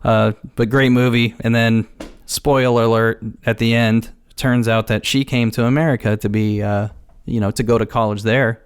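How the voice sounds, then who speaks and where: A man's voice: medium pitch, fairly even intonation, moderate pace, smooth. A man co-hosting a podcast, recapping a movie in casual chat and acting out quotes with lots of laughter. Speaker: podcast co-host.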